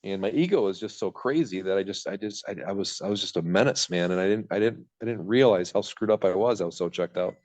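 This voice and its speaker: A man's voice: sits low, quick pace, hardly any pauses, a little mellow. A man in his thirties from Michigan, telling his own story as a podcast guest, rambling and cutting himself off as he acts out his old thoughts. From Michigan, USA. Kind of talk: candid storytelling in a podcast interview. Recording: dull lo-fi sound.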